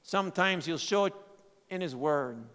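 A man preaching a sermon, swinging between loud emphatic lines and quiet, low asides. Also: lively intonation, moderate pace, clear, resonant tone. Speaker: pastor. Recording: long hall reverb.

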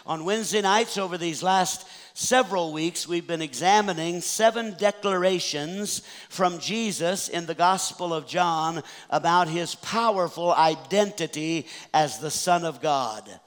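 A man preaching a Sunday sermon as pastor, reading scripture aloud and slowing down on the key phrases. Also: a little high, a bit bright. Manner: reads scripture aloud, slows for emphasis. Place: church sanctuary. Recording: church hall reverb.

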